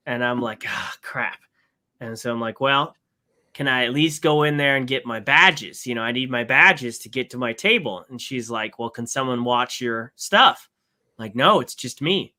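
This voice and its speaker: A man with a medium-pitched voice and a bright, forceful tone talks casually on a podcast. He recounts an anecdote in an animated way and slips into short quoted exchanges as he goes. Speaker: podcast co-host. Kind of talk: casual storytelling chat.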